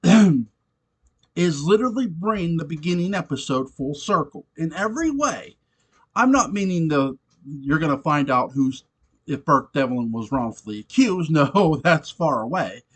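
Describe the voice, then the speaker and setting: A man casually reviewing a TV episode, animated and swearing often, laughing between points. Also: a little high, breathy edge. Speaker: show reviewer.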